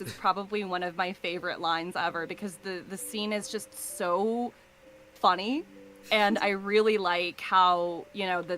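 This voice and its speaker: A woman's voice: mid-range voice, a bit bright, a little hiss or hum, low-quality recording. A woman voice actor chatting as an interview guest, rambling with many fillers and easy laughs. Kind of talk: casual interview chat.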